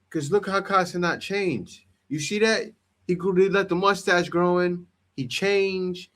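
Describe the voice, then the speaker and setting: A man's voice: sits high, a bit bright. A man hosting a reaction commentary, giving blunt, direct advice. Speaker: host reacting to clips.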